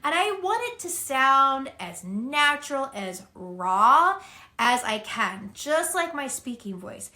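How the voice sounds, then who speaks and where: A woman's voice: high-pitched, sing-song, takes it slowly, pushed and bright, soft background music. A woman giving a singing lesson, encouraging and demonstrating spoken and sung phrases. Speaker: singing teacher. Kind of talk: vocal lesson to camera.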